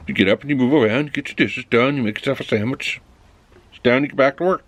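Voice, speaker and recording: A man's voice: mid-range voice, fast, dry recording. A man talking casually in a rambling monologue, acting out both sides of little office dialogues. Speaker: vlogger.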